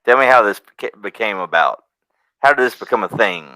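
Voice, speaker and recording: A man's voice: fairly low pitch, animated, fairly quick, loud music behind the voice, low-quality recording. A man hosting a podcast, asking questions and chiming in with short remarks. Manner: chimes in with short interjections. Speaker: podcast host. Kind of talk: casual interview.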